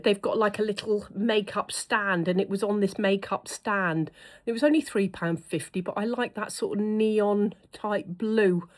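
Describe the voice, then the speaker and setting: A middle-aged woman, chatting to camera in an effusive way as a vlogger. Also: mid-range voice. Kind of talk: casual chat to camera.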